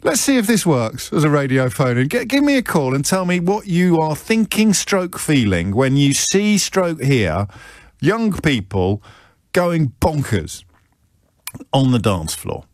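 A man's voice: on the high side, very animated, a little slow, no echo, studio quality. A middle-aged man with a British accent hosting a radio phone-in, talking conversationally and wryly about himself. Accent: British English. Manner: conversational, self-deprecating, wry. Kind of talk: talk radio monologue. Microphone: studio microphone.

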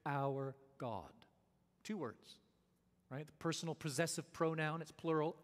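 A man preaching a sermon, emphatic and deliberate, posing rhetorical questions to his listeners and slowing down to stress key phrases. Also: on the high side. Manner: emphatic, asks rhetorical questions and answers them. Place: church sanctuary. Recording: long reverb of a church sanctuary.

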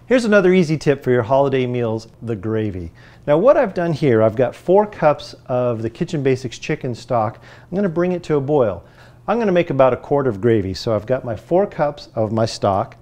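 A man's voice: mid-range voice, sing-song, normal speed, a little mellow. Man as chef giving a cooking demo. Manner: friendly, instructive, step-by-step. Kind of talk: scripted cooking demonstration. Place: kitchen.

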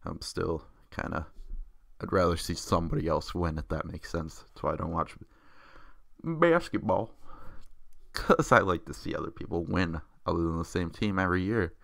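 A man giving a casual, profane football rant as a sports vlogger, excitable and mocking. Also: sits low, brisk, creaky, no echo, studio quality.

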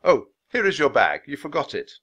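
A man's voice: a little high, wildly swooping pitch, normal speed, a bit bright, slightly rough, highs cut off, pitched above the performer's own voice, full character voice. A man voicing a kindly, assured playwright with courtly manners. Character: kindly confident adult playwright.

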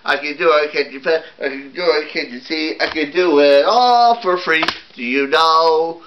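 A man's voice: fairly high pitch, normal speed, highs cut off, a little hiss or hum, close to an everyday voice. A man voicing a bossy, showy young girl puppet, singing in a puppet musical.

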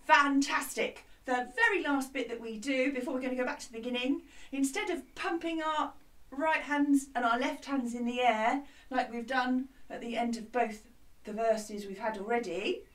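A woman who is a music teacher, leading a lively children's music lesson from a hut, with a bright, encouraging, sing-song way of talking. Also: high-pitched, normal speed. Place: outdoor classroom hut. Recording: slightly distant mic with music behind.

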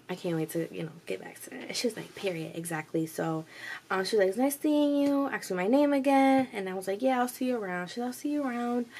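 A young adult woman vlogging casually, retelling a story in a chatty, animated way with lots of quoted dialogue and swearing. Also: lowish voice, creaky, slight background noise.

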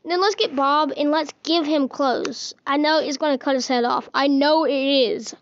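Woman, high voice, casual gameplay commentary, playful and teasing, muffled lo-fi recording. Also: fairly even intonation, moderate pace, no room sound. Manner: playful, teasing, talks to her game characters. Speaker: gaming video host.

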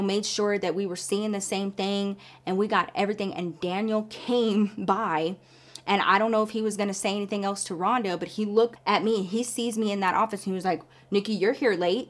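A woman's voice: medium pitch, a bit bright. A woman vlogger telling a personal story in a casual, chatty way, full of "like" and addressing viewers as y'all.

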